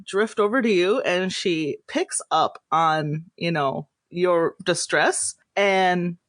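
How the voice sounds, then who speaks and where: A woman narrating a tabletop role-playing game as game master in a measured, descriptive way. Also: fairly low pitch, no room sound.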